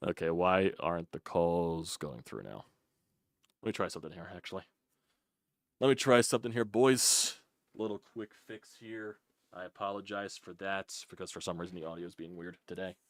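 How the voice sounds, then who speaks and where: Guy hosting a sports call-in show, really low voice, annoyed and swearing, dead dry sound. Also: brisk, no room sound. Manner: frustrated, profane, repeats himself. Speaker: sports podcast host. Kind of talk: casual fan call-in show.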